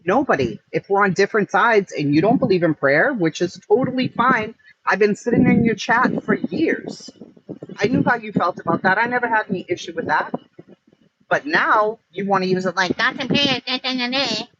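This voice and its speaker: A man's voice: sits high, normal speed. A man, an online streamer, ranting in blunt, profane, emphatic commentary. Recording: muffled with steady background noise.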